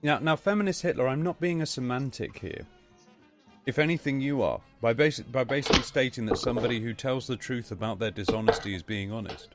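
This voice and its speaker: A man's voice: medium pitch, fairly quick, music in the background. A man from Britain hosting a casual podcast chat, rambling and swearing. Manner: profane, rambling. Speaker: podcast host.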